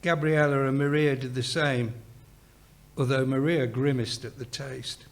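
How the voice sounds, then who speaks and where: A man reading his own story aloud in a steady, measured narrating voice. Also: mid-range voice.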